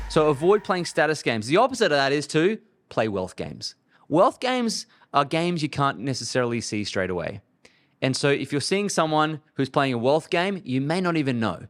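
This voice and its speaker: A man in his thirties lectures on money in a blunt, punchy way and leans hard on his key lines. His voice sits a little above the usual male pitch. He talks like a host giving advice straight to the listener. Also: sing-song, moderate pace, faint music behind. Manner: blunt, emphatic, punchy delivery.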